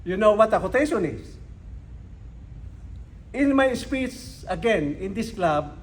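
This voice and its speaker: Slow, emphatic older man giving a speech. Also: high-pitched, expressive, low-quality recording. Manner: slow, emphatic delivery with dramatic pauses. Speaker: club speaker. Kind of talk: educational speech to a club. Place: club meeting room.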